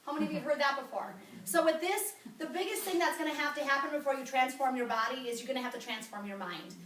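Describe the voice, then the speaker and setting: A woman giving an energetic, blunt wellness talk to a group in a meeting room. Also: sits high, fast, slight background noise. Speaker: wellness coach presenter. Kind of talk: sales presentation to a group. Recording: roomy, from far off.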